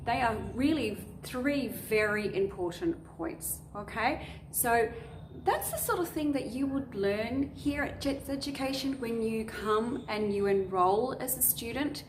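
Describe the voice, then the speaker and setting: A woman who speaks English natively teaches exam speaking tips, leaning on each point with emphatic, expressive delivery. Her voice sits a little high and she takes her time. The room is echoey, with a faint hum of ambience behind her. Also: a little slow. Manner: expressive, emphatic, demonstrates speech patterns. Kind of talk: spoken exam tips lesson.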